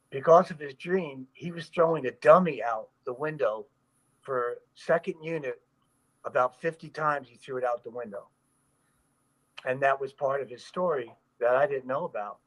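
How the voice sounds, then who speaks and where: Animated man telling a stunt story. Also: medium pitch, low-quality recording. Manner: animated, acts out quoted voices and screams; loose, repeats himself with frequent fillers. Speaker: stuntman, guest. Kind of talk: storytelling in an interview.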